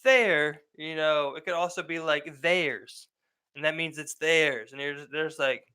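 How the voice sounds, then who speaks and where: A man co-hosting a podcast, rambling through his points with constant "like"s and restarts. His voice is bright, forceful and crisp, sitting a little high. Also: a little slow. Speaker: podcast co-host. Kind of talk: casual chat.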